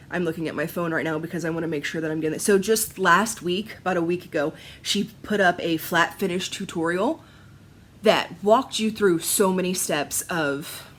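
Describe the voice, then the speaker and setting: Woman, home cross-stitch vlogger, husky and breathy, bubbly and rambling, laughs a lot. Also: fairly low pitch. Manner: excitable, laughs often, rambling asides. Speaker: Flosstube vlogger. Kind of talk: casual chatty vlog. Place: at home, seated in a chair.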